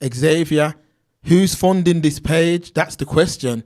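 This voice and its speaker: A man's voice: a little high, slow, a little mellow. Man reading a livestream chat. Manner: reads out viewer names and comments, street slang.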